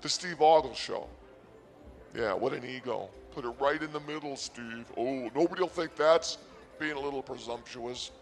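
A man of middling pitch tells a rambling, self-mocking comedy story, boasting and then poking fun at himself. He speaks from a casino while soft music plays in the background. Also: moderate pace. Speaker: comedy podcast host.

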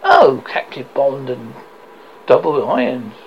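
A man's voice: high-pitched, sing-song, normal speed, creaky, dull audio, slight background noise, exaggerated voice. A man voicing Marley's chained, mournful ghost. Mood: lamenting.

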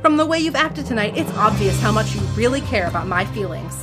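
A woman's voice: medium pitch, expressive, fairly quick, over loud music, close to an everyday voice. A woman reading a novel aloud and voicing a furious, betrayed teenage girl, cold and snapping with rage.

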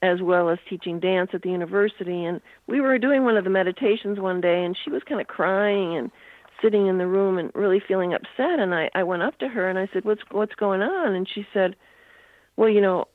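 Older female guest telling meandering stories over a tinny phone line, flat dry sound. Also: medium pitch, brisk, no echo. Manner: rambling, full of "you know" asides. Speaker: guest author. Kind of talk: phone interview storytelling.

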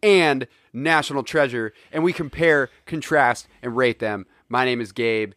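A young man co-hosts a podcast, talking in a loose, rambling way with lots of "uh"s. His voice sits at a middling pitch and is recorded close and dry on a studio mic. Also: unhurried, no room sound. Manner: relaxed, rambling with many fillers. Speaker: podcast co-host. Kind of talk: casual chat.

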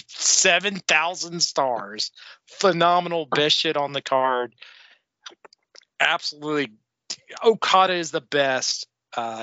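Hyped-up podcast guy, swears a lot, bright punchy voice, kinda dull dry mic. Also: fairly high pitch, dry recording. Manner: excitable, profane, laughing often. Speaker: podcast co-host. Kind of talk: casual wrestling review chat.

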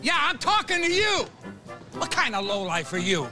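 A man's voice: extremely high pitch, sing-song, moderate pace, over music. An actor playing a furious man who screams insults at a rival in a sitcom scene. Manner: shouting, insulting. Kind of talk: sitcom acting.

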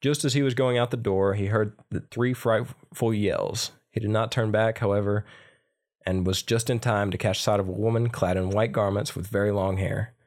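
Low-voiced man reading a folk tale. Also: steady tone, moderate pace, darkish tone. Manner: reads a folk tale aloud with small slips and restarts. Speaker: podcast co-host. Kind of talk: casual chat and story reading.

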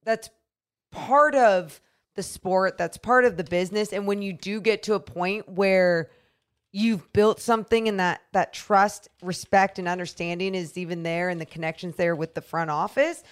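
A woman co-hosting a sports podcast in relaxed, conversational chat. Her voice is smooth and clear, at an ordinary middle pitch. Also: moderate pace. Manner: agreeable, conversational. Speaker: podcast co-host.

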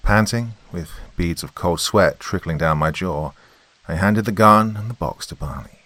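Deep-voiced man narrating a horror story. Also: normal speed, bright, forceful tone, no room sound. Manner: tense, dramatic reading.

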